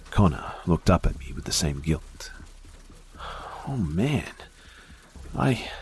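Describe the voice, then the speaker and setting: A man narrating a first-person horror story in a measured, grim way. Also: sits low, slight background noise.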